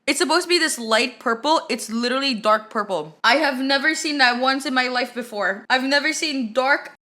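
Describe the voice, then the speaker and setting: Brief: young woman from the Philippines, lively streamer chatter, higher voice, very bright tone, rambling restarts. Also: normal speed. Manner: animated, swearing, rambling with frequent restarts. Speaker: streamer reacting to a video. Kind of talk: casual reaction chat.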